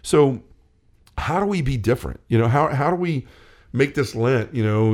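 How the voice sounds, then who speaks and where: A man's voice: medium pitch, expressive, normal speed, darkish tone. Earnest man preaching in casual talk. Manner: earnest, preachy, with frequent fillers and restarts. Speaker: co-host of a Catholic talk show. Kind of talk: casual faith talk, reading quotes.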